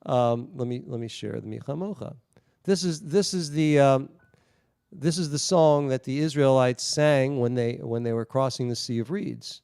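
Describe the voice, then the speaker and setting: A man, a rabbi, leading an online service over a video call, reading liturgy and telling stories with halting asides. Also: medium pitch, gravelly, darkish tone, clear, resonant tone, no room sound, studio quality. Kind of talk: liturgy reading and casual storytelling.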